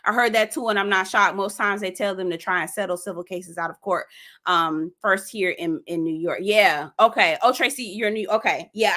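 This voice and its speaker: A bright, forceful woman's voice, hosting a casual live stream. She is animated and sassy and talks straight to her viewers. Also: medium pitch. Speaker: host of a live gossip show.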